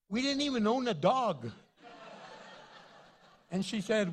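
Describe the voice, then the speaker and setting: Older man preaching, high-pitched and playful. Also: big pitch swings, normal speed, fairly bright tone. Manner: storytelling, playful, laughs at his own jokes. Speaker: pastor. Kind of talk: sermon.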